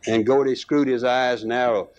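A man reading a rural tale aloud as narrator, unhurried, with small restarts and fillers. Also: mid-range voice, fairly even intonation, a little mellow, highs cut off.

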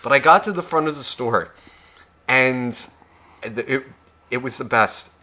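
A man's voice: medium pitch, a little slow. A man co-hosting a podcast, telling a rambling story with constant swearing and acting out the people in it. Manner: animated, swears constantly, acts out other people's lines. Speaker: podcast co-host. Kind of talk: profane storytelling rant.

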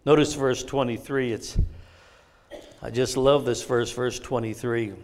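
A man's voice: mid-range voice, steady tone, measured pace, darkish tone. A middle-aged man preaching a sermon, telling a personal story and reading scripture in an earnest way. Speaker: pastor.

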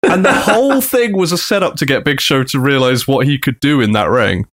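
Animated storytelling man, lively pitch. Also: brisk. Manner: animated, acts out quotes in big voices. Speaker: podcast co-host. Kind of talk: casual storytelling.

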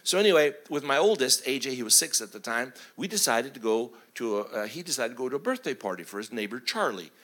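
A middle-aged man, a pastor, telling family stories in a sermon, animated and chuckling as he acts out the voices. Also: mid-range voice, quick pace, hardly any pauses. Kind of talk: sermon storytelling.

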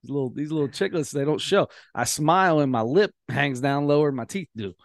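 A man's voice: a little high, lively intonation, a little fast, creaky, no echo, clean studio sound. A man co-hosting a podcast, telling rambling stories in casual chat and laughing as he goes. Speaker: podcast co-host.

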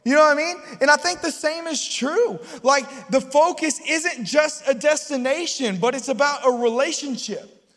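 A man's voice: very high-pitched, normal speed, a bit bright. A man preaching a sermon in a chatty, storytelling way, often asking the crowd if they follow him. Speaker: pastor. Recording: long hall reverb.

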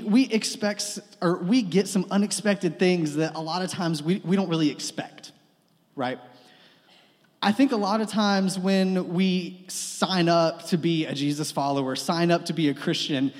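A young man preaching a sermon, telling a funny personal story in a casual, joking way with lots of fillers. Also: sits high. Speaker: pastor. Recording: long reverb of a hall.

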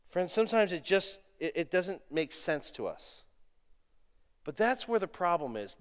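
A middle-aged man preaching a sermon, animated, moving between loud exclamations and quiet asides, telling stories with self-deprecating humor. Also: high voice, measured pace, clear, resonant tone. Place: church sanctuary. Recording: long reverb of a church hall.

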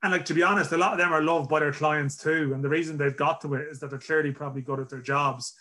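A man hosts a podcast in a slightly high, bright voice. He rambles through his points in casual chat. He pokes fun at himself. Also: fairly even intonation, quick pace. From Ireland. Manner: self-deprecating, rambling. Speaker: podcast host.

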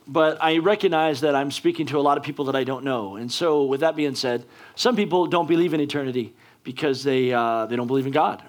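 A male pastor preaching a sermon in a casual, chatty way with many fillers. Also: medium pitch.

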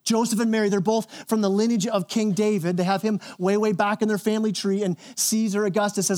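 A man preaching a church sermon, animated, then dropping to a hushed, intense tone. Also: high voice, fairly quick, hardly any pauses. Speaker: pastor.

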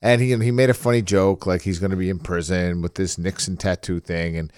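A man's voice: low voice, fairly even intonation, a little fast, a little mellow, clear, resonant tone, dry recording, studio quality. A man co-hosting a casual podcast chat, rambling and laughing, often restarting his sentences. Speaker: podcast co-host.

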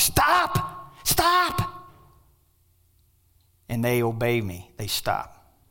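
An older man preaches a sermon as pastor in a medium-pitched voice. He is emphatic, breaking into sudden loud outbursts and joking asides.

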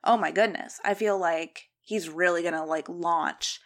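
A woman's voice: on the low side, a little slow, fairly bright tone. A young woman co-hosting a podcast, chatting enthusiastically about films. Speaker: podcast co-host. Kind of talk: casual film discussion.

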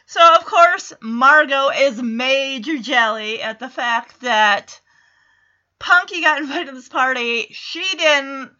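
A woman hosting a podcast from home, recapping a story in a casual, animated way and acting out the lines. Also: sits high, takes it slowly, dull audio. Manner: animated storyteller who acts out quotes. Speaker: podcast host.

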